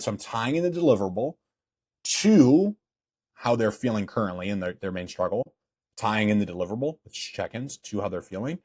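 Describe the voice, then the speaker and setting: A man's voice: medium pitch, animated, quick pace, a little mellow, husky, no room sound, clean studio sound. A young man teaching a fitness coaching sales course, blunt and emphatic with frequent swearing. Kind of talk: course lecture.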